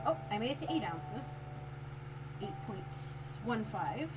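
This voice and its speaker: A woman's voice: medium pitch, sing-song, measured pace. A woman livestreaming as she makes soap, chatting casually, laughing often and reading chat aloud. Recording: lofi music in background. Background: lofi music playing.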